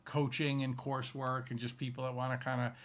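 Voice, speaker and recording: A man co-hosting a weekly live stream, bantering and teasing in a relaxed, jokey way. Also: medium pitch, fairly quick. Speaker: co-host of a weekly live show. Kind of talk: casual live-stream chat.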